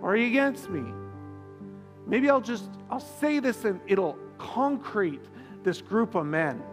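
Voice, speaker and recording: A man's voice: high-pitched, expressive, unhurried, in a large hall, music in the background. A man preaching voices Gideon, a doubtful, humble farmer-warrior, in a sermon story.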